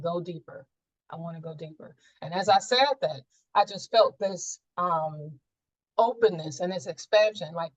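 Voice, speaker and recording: Woman talking it through slow, lots of ums, muffled dry call audio. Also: mid-range voice, dry recording. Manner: reflective, searching, with many fillers. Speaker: coaching session participant. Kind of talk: casual sharing in group session.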